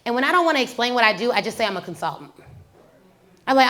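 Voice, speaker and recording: A fairly high-voiced woman talks like a business coach on her own podcast. She keeps it casual and lively, firing off rhetorical questions and dropping into slangy storytelling to make her points. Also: quick pace. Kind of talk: casual teaching talk with storytelling.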